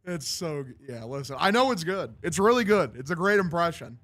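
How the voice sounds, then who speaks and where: A man's voice: on the high side, big pitch swings, fairly quick, fairly bright tone. A young man hosting a livestream, giving loose, joking play-by-play of a baseball game and swearing freely. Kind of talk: casual live-stream commentary.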